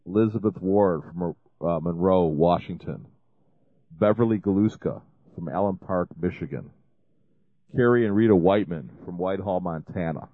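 His low voice moves at a moderate pace in this dry recording with no room sound and a phone-like lo-fi quality. As the ministry show host, he meanders through a fundraising pitch, restarting and filling pauses.

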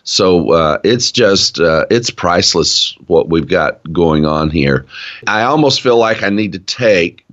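A man with an East Tennessee accent co-hosting a casual Bible study, talking in an earnest, drawn-out preaching cadence. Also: sits low, animated, a bit bright. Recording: dull lo-fi sound.

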